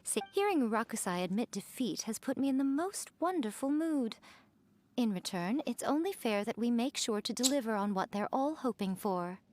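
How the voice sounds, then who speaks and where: A woman voicing a sly, playfully manipulative female shrine mistress in a game, smooth and amused. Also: fairly high pitch, animated, normal speed, darkish tone, slight background noise, close to an everyday voice. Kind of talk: game voice acting.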